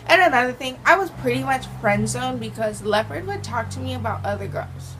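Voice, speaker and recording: Teen girl vlogger, dramatic storyteller, slightly high voice, faint hiss behind. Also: a little fast. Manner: animated, dramatic retelling with quoted voices. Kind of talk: casual storytime vlog.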